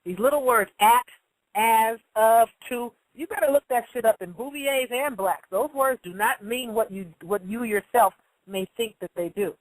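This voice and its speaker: A woman hosting a live talk show, explaining legal matters in a blunt, profane, fast-talking way and reading out messages from listeners. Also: fairly high pitch, dry recording, rough recording. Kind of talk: live call-in talk monologue.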